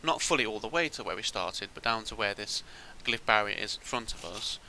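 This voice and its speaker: A man's voice: lowish voice, expressive, brisk, sharp tone, a little hiss or hum, low-quality recording. A man giving casual gameplay commentary as a channel host, thinking aloud and rambling with restarts.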